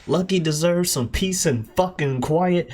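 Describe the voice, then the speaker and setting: A man co-hosting a podcast in casual chat, telling animated stories, swearing freely and acting out characters. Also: a little high, unhurried. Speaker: podcast co-host.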